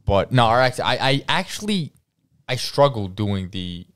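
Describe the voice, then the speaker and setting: A man hosting a reaction video, talking in a relaxed, rambling way with casual swearing. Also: medium pitch, moderate pace. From New York.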